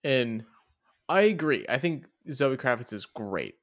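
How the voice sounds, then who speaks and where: A man's voice: medium pitch, expressive, unhurried, a bit bright. A young man co-hosting a podcast, chatting casually about a movie in a loose, filler-heavy way. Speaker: podcast co-host. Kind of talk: casual movie review chat.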